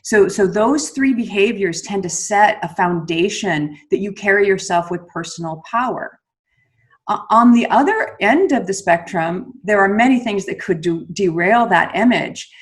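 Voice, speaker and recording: A middle-aged woman, a communication coach, explaining calmly in an interview and ending her statements on a downward tone. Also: mid-range voice. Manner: measured, explanatory, ends statements with downward inflections. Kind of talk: conversational interview.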